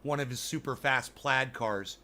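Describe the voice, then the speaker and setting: A man livestreaming and chatting with his viewers, swearing freely and ranting between long filler pauses. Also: mid-range voice, bright, forceful tone. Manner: profane, ranting, full of fillers. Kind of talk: casual livestream chat.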